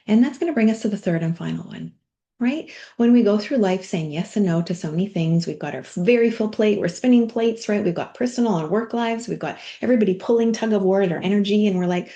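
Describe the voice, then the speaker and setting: With a mid-range voice and a fast delivery, a middle-aged woman coach leads a workshop through a guided body practice. She speaks softly, adding near-whispered remarks along the way.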